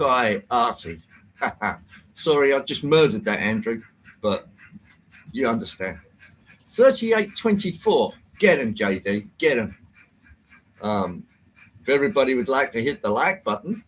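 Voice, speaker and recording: A man's voice: mid-range voice, a little hiss or hum, poor audio. A man hosting a casual live stream, chatting, greeting viewers by name and poking fun at himself. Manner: chatty, reads out viewer comments and greets them by name, self-mocking. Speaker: livestream host.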